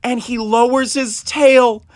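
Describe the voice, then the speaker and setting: A young man telling comedic personal stories in an animated, playful way, jumping into high squeaky voices for quotes. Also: slow, no echo, clean studio sound. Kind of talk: storytelling comedy clips.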